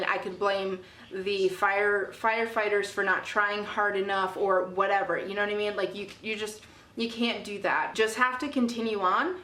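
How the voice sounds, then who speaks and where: A woman's voice: mid-range voice, a bit bright, reverberant. A young woman telling a casual storytime about her parrot, chatty, with many fillers. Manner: chatty, many ums and you-knows. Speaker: parrot vlogger.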